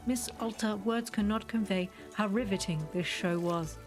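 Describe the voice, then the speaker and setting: A woman reading a gentle, formal male tea shop keeper from a video game, in quaintly stilted phrasing. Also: mid-range voice, moderate pace, soft background music, close to an everyday voice. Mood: earnest.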